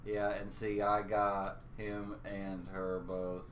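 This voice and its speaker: A man's voice: fairly low pitch, monotone, slow. Laid-back man in an echoey room. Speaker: co-host. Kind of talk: casual gaming banter. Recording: roomy echo, faint noise.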